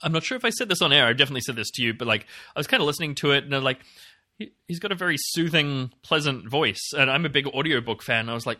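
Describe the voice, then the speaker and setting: A man's voice: mid-range voice, expressive, fast talker, bright, forceful tone. A man co-hosting a podcast, rambling in casual chat with lots of fillers and the odd swear word. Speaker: podcast co-host.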